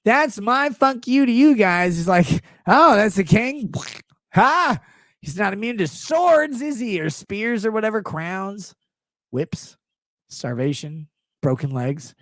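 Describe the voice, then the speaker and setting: Male streamer, casual monologue, profane, mocking, very lively pitch, dry close sound. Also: slow pace, no echo. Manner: profane, mocking, animated riffing. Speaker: livestream host.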